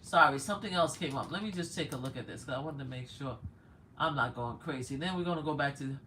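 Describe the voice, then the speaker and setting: Reading texts on her casual livestream, this older New Yorker from Brooklyn reacts with loud laughs and curses. She talks fast in a very deep voice, and there's a slight hiss or hum in the audio.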